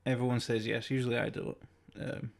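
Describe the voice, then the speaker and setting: A man co-hosting a podcast in casual chat, laughing often and throwing in quick jokes. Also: medium pitch, flat delivery, gravelly. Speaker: podcast co-host.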